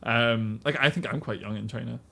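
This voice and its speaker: A man's voice: medium pitch, a little fast, creaky, pushed and bright. A British man in his twenties chatting candidly as a podcast guest, laughing often and full of fillers. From Britain. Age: 20s. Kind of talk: casual chat.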